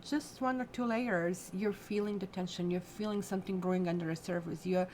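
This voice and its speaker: A woman's voice: fairly low pitch, fairly even intonation, a little fast, a little mellow, slight background noise. A woman hosting a casual livestream tarot reading. She talks in a chatty, rambling way, speaks straight to her viewers and reacts to their comments. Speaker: tarot reader.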